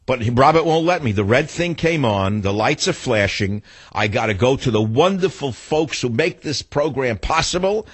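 A man's voice: mid-range voice, lively intonation, normal speed, slightly rough. A man hosting a talk radio show, ranting in an indignant, theatrical monologue into a studio microphone.

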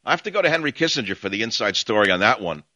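Brash New York radio host. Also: male voice, on the low side, very animated, rapid-fire, sharp tone, no room sound. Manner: brash, sardonic, rambling rants. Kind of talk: opinionated call-in radio talk.

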